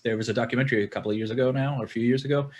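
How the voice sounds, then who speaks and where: A man's voice: medium pitch, fairly even intonation, racing, slight background noise. A man hosting a podcast panel, talking earnestly and thinking aloud with frequent restarts. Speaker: podcast host. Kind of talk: casual panel discussion.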